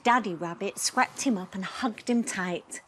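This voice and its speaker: A woman gently reading a children's bedtime story aloud in a soothing, expressive way. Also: mid-range voice, unhurried, slight background noise.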